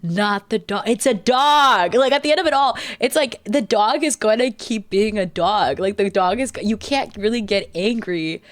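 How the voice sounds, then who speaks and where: A young woman co-hosting a casual podcast as the older sister, animated and chatty, often acting out what others said. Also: medium pitch, moderate pace, few pauses, no room sound, studio quality. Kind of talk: casual chat.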